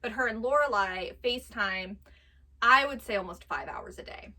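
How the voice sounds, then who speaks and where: A chatty woman in her thirties with a high, bright voice. She talks casually and acts out the voices of the people in her stories. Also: normal speed. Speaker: vintage box co-owner. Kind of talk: casual chat.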